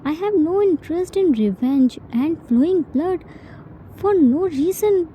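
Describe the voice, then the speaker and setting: A whiny young heir who wails and begs in high, stretched-out cries, put on by a woman reading a story. The tone stays dark and mellow under the drama, and the delivery is slow and theatrical. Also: expressive, a little hiss or hum, rough recording. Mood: pleading. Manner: melodramatic wailing, pleading. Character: whiny young man, a mafia boss's son.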